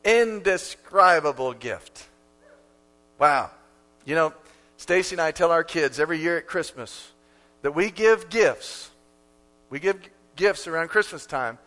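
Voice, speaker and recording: High, bright-voiced preaching man. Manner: emphatic, repeats lines for effect, quick swings in loudness. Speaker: pastor. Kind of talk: sermon.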